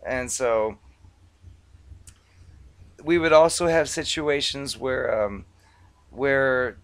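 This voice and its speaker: A man telling stories to camera in a casual, conversational vlog monologue, relaxed and dotted with filler words. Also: mid-range voice. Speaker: vlogger recounting past collections work.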